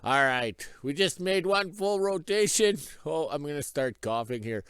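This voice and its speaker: A man with a hoarse, worn-out voice, talking into his phone outside on a winter yard. He rambles along with dry self-mocking jokes. His voice sits a little high and sounds close and dry. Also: animated, measured pace, a bit bright, no echo. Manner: rambling, jokey, self-deprecating. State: hoarse, lost voice. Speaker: vlogger. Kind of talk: casual vlog narration. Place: outdoors in winter on a rural yard.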